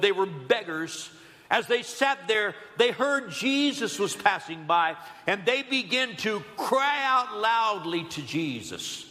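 A man preaching a sermon in a church, building to loud emphatic calls and dropping to soft low asides. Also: animated, a little slow, roomy sound, big-room sound. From Southern California. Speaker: pastor. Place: church building on a Sunday morning.

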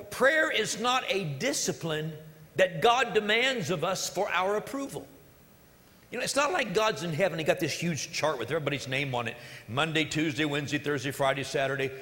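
A man's voice: fairly high pitch, lively intonation, normal speed, bright, forceful tone, long reverb tail. A male pastor preaching a sermon in an earnest, emphatic way, repeating key phrases, during a church service.

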